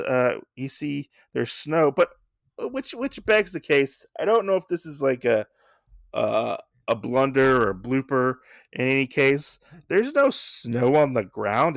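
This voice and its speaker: A podcast host with a gravelly, creaky voice, chatting loosely through a comic recap, with plenty of stumbles and asides. The sound is dry and close. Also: male voice, medium pitch, fairly bright tone, no echo. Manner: rambling, many fillers and restarts.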